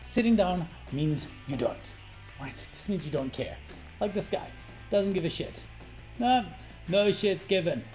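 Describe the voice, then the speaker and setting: A middle-aged man coaching on presentations in a brash, animated vlog style, swearing freely for emphasis. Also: sits high, measured pace. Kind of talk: energetic talking-head vlog. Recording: faint guitar music underneath.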